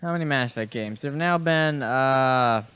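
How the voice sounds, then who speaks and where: In a dry recording, a young man speaks at normal speed in a medium-pitched voice that's clear, resonant, and a bit bright. He hosts a casual gaming podcast, chatting loosely while he plays, using fillers and restarts, swearing casually, and addressing on-screen enemies.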